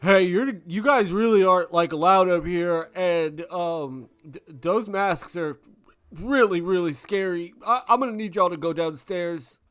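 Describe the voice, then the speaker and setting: A man's voice: sits high, a little slow, clean tone, voice pushed up. A man putting on a raised, flustered voice for his tabletop character Charles, shooing intruders away.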